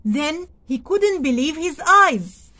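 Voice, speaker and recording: A woman whose first language is Arabic reads a children's storybook aloud as a teacher, with slow, expressive delivery and pauses to ask the class questions. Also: high-pitched. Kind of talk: read-aloud story lesson for young children.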